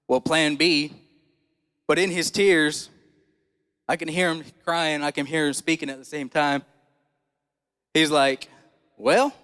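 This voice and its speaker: In a church hall with audible reverb, a man preaches a sermon, sharing a personal story in a folksy, conversational style and putting questions to the congregation. His voice is smooth, on the high side, and a bit bright.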